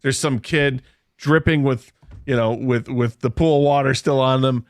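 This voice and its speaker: A man on a radio show rambles through a funny story at his own expense, with a middle-pitched voice and plenty of restarts. The studio sound is dry and close, with no room echo. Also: fairly even intonation, a little slow. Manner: rambling anecdote with self-deprecating humor and frequent restarts. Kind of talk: casual storytelling on sports radio.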